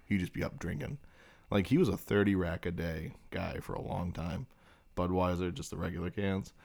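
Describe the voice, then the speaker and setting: Casting: deep-voiced man, loose rambling storyteller, swears a lot. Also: moderate pace, gravelly, a little mellow. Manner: rambling, swears freely, laughs through stories. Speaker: podcast co-host. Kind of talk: casual late-night chat, storytelling.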